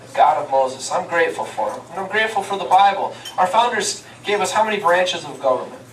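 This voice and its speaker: A man's voice: high voice, animated, a little fast, fairly bright tone, recorded from a distance. Emphatic man lecturing, echoey room. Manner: asks the audience questions and answers them himself; emphatic, preacher-like delivery. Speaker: touring speaker. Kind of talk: lecture to a live audience.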